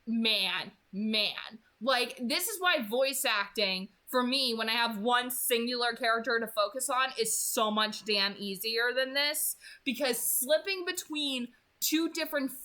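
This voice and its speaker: Bright-voiced chatty young woman recapping. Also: on the high side, unhurried, few pauses. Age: 20s. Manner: chatty, gushing, full of "like" and "you know" fillers. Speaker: read-aloud channel host. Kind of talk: casual chapter recap and commentary.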